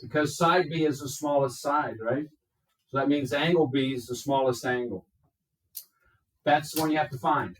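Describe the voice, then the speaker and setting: A man teaching a math class, explaining step by step and checking in with his students. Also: medium pitch. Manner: slow, step-by-step, checks in with "okay?". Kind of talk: classroom lecture. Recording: echoey classroom from far off.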